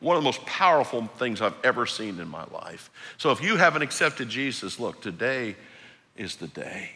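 A man preaching a sermon in a church, swinging between loud emphatic highs and hushed low passages. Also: sing-song, normal speed, gravelly, long reverb tail. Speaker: pastor. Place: church sanctuary.

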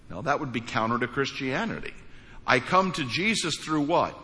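Man, pastor preaching, bright forceful voice, slightly high, echoing hall reverb. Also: very animated, normal speed. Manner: emphatic preaching with sudden rises and drops. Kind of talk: sermon.

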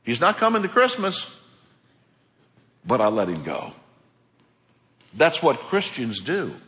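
A man preaching a sermon as pastor, animated, acting out the people in his stories. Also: mid-range voice, takes it slowly, in a large hall.

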